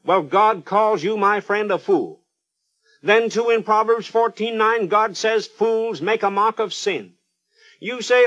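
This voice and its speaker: A man's voice: sits high, animated, measured pace, fairly bright tone, muffled recording. A man preaching a radio sermon, fervent and pleading, putting pointed questions straight to the listener.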